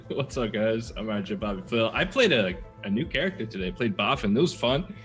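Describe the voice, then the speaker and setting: A man, a player on the show, giving an upbeat, quick sign-off. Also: fairly low pitch, big pitch swings, fairly bright tone, soft background music. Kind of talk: casual sign-off.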